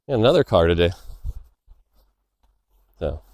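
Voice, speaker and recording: His deep, sing-song voice is unhurried and darkish as this game designer rambles through a casual Q&A monologue on an outdoor walk by a road, loose and storytelling with lots of fillers and tangents. The recording is clean studio sound without echo.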